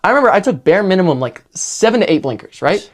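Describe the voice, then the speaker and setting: Animated young man telling a rambling story. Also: high voice, fast. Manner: rambling, animated, swears freely, many fillers like "right?". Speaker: podcast host. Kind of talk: casual storytelling chat.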